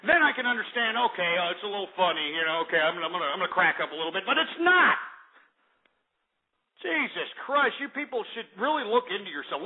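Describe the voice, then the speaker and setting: Man, shock-jock radio host, abrasive ranting, husky voice. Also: high-pitched, very animated, fast talker. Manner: abrasive, yelling insults at callers. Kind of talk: shock-jock call-in rant. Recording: tinny phone-quality audio.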